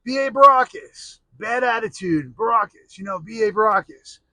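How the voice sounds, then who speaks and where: A man's voice: high voice, lively intonation, moderate pace, sharp tone, no echo, rough recording. A middle-aged American man telling rambling, jokey stories in a casual monologue, full of restarts and asides. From United States.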